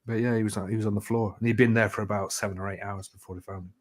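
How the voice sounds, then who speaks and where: A man's voice: lowish voice, level tone, rapid-fire. A man telling stories in a casual chat, rambling and swearing freely with lots of "you know". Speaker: live chat host.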